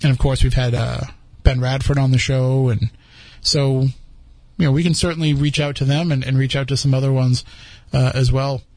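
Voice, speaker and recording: A man's voice: medium pitch, fairly even intonation, normal speed, few pauses, a little mellow, dry recording. A man hosting a podcast, chatting casually and rambling with frequent restarts. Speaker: podcast host. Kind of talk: casual chat.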